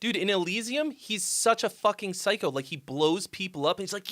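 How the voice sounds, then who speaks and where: A man hosting a live stream, chatting casually with viewers in a rambling, profane, excitable way and answering their comments. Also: high voice, brisk, few pauses. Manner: reads viewer comments aloud and replies. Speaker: livestream host giving song critiques.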